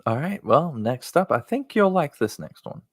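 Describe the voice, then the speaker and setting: A man's voice: a little high, sing-song, normal speed, dry recording. A man co-hosting a casual sneaker podcast, laid-back and teasing as he runs the rundown. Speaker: podcast co-host.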